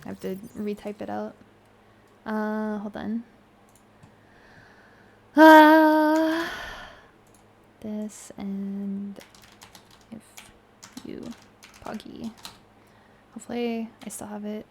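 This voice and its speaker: A young woman streaming a game live, excitable and laughing often, swearing freely and using casual gamer slang. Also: medium pitch, measured pace, creaky, long pauses, slight background noise. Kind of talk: live-streamed gameplay chat.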